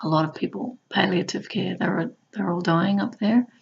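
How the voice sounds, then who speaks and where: A woman who works as a hospital clown tells her stories playfully, now and then jumping into high squeals. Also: a little fast, creaky, lo-fi sound. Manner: warm, playful, bursts into high squeals when acting out clowning. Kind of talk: personal storytelling.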